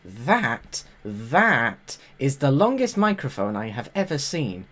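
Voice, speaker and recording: Woman, low voice, sarcastic, exasperated, live reaction commentary. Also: sing-song, slow. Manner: sarcastic, exasperated, jumps into loud high exclamations. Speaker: live streamer reacting to a TV show.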